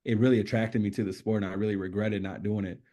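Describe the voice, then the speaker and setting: Middle-aged man, podcast guest, rapid-fire storytelling, animated, salty language. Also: fairly low pitch. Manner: animated storyteller who acts out quotes and swears freely. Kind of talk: casual storytelling interview.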